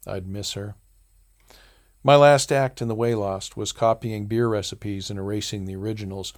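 A man's voice: on the low side, fairly even intonation, moderate pace. Man narrating a dry first-person story. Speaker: audiobook narrator.

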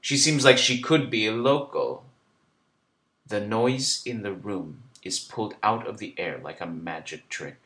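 A man narrating a first-person literary story in a measured, introspective way. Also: mid-range voice, fairly bright tone.

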